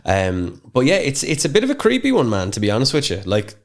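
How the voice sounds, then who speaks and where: A man's voice: medium pitch, wildly swooping pitch, quick pace, gravelly. A young man co-hosting a podcast, talking in a rambling, chatty way with plenty of fillers and restarts. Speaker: podcast co-host. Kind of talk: casual podcast chat.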